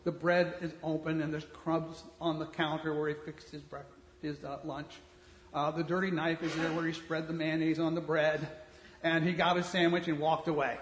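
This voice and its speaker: Blunt preacher in an echoing hall. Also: male voice, fairly high pitch, level tone, moderate pace, slight background noise. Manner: blunt, conversational preaching that swings from soft to loud. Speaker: pastor. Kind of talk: sermon. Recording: reverberant hall.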